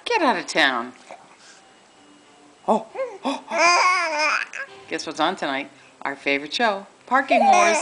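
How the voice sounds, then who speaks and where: A woman's voice: mid-range voice, very animated, slow, pauses often, heavy background noise. Sing-song mother in baby talk. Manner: sing-song, coaxing, gushing.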